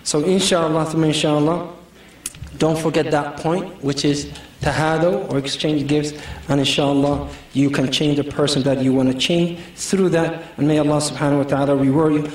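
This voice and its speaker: Man, high voice, joking preacher style, recorded from afar in a big echoing hall. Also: steady tone, moderate pace, a little mellow. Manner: jokey, storytelling, full of "you know". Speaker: Islamic speaker. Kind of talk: humorous sermon to a community audience. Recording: echoey hall, mic far off.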